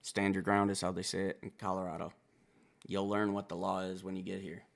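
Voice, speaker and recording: Gravelly low-voiced man reacting to music. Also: a little fast. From Wisconsin. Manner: blunt and profane, excitable, talks in bursts. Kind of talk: casual reaction commentary.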